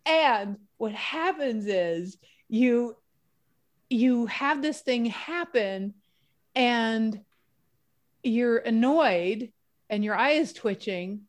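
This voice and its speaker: Animated chatty woman guest. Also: fairly high pitch, very slow. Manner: animated, chatty, playful with vivid analogies. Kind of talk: casual conversational interview.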